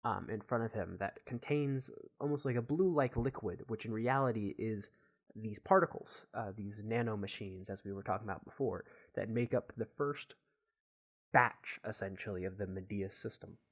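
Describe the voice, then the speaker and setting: A man narrating as game master, describing scenes in a halting way with many fillers. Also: lowish voice. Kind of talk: improvised tabletop narration.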